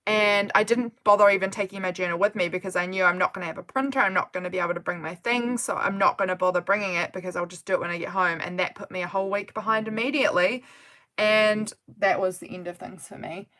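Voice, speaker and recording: A woman's voice: mid-range voice, steady tone, quick pace, pushed and bright. A woman hosting a casual craft livestream from her desk at home, chatting in a rambling way and often laughing as she works. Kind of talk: casual live chat while crafting.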